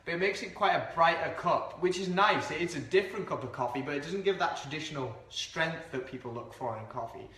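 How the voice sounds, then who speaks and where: A chatty man walks through a coffee brew in a casual vlog, rambling and poking fun at himself. His voice is bright and sits a little high for a man. The room around him rings with echo. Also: a little fast, few pauses. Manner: chatty, rambling, self-deprecating. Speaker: coffee reviewer. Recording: echoey room.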